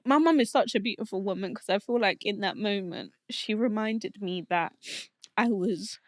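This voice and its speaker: A young adult woman telling a personal faith testimony in a heartfelt, halting way, often restarting her sentences, and getting emotional. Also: mid-range voice, dry recording, studio quality. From Colombian family roots. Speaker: podcast guest.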